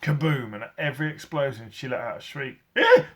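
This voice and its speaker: A man's voice: mid-range voice, quick pace, fairly bright tone. A man, a teacher, reading a children's story aloud, acting out sound effects as he goes.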